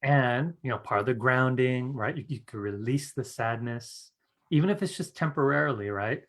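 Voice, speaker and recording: A man's voice: medium pitch, normal speed, fairly bright tone. A man teaching a live-streamed class on psychic skills, chatty and earnest, often asking "right?" and laughing. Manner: chatty, fills with "you guys" and "right?".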